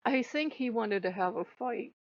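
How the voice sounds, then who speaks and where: A woman's voice: fairly high pitch, lively intonation, normal speed, dry recording, muffled recording. A woman hosting a casual storytelling vlog, chatty, laughing often and acting out bits of dialogue. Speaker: channel host.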